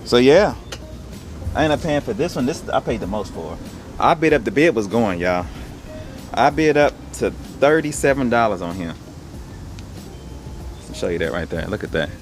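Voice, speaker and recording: A man's voice: mid-range voice, very animated, moderate pace, pauses often, faint music behind. A young man casually talking through his resale haul in a laid-back, rambling, slangy way. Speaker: online reseller showing his haul.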